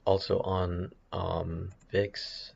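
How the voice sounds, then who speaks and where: Deep monotone guy muttering thru his trades, gravelly, bit muffled mic. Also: drawn-out words. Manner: hesitant, rambling, many restarts and self-corrections. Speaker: options trader streaming his chart analysis. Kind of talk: casual thinking-aloud market commentary.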